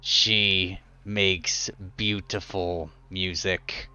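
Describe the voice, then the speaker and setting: A man's voice: low voice, smooth, dull audio, voice pushed down, full character voice. A man growling as a terse stone gargoyle. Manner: few words, slow and flat.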